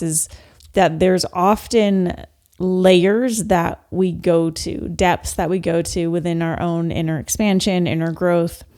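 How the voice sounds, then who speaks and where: A woman hosts a podcast and speaks in a calm, coaching manner. Her voice sits a little low for a woman, and she builds her points slowly and deliberately. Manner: thoughtful, measured, coaching tone. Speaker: podcast host. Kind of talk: reflective interview talk.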